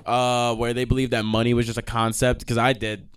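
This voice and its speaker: A young man hosting a podcast, telling stories in a casual, profane rant with sudden loud outbursts. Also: medium pitch, flat delivery, a little fast, smooth. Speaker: podcast host.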